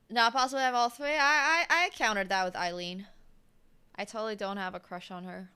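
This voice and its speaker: A woman's voice: medium pitch, fairly even intonation, a little fast, bright, forceful tone, slight background noise. A woman in her twenties commentating chess on a live stream in a casual, chatty way, humming and laughing between remarks. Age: 20s.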